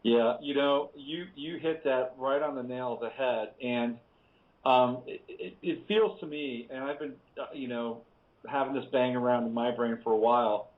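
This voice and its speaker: A man's voice: medium pitch, moderate pace. A man hosting a radio interview, agreeing readily and adding his own views, heard over a tinny phone line. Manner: agreeable, with frequent affirmations. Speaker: radio host.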